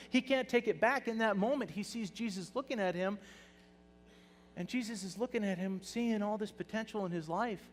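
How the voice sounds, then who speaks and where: A male pastor preaching a sermon, animated and swinging between soft, hushed lines and loud bursts. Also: sits high. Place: church hall. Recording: long hall reverb.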